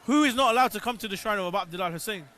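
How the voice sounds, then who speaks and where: High, bright-voiced man preaching to viewers. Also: racing. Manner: exhorting, preacher-like appeals to viewers. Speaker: presenter of live pilgrimage coverage. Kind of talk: live outdoor broadcast interview. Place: outdoors on a pilgrimage walk.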